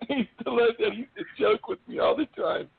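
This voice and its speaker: A man's voice: very high-pitched, gravelly, slightly rough. A man talking as a guest in a casual chat, rambling through stories. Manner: rambling storyteller, does wrestler impressions. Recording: tinny phone-line sound.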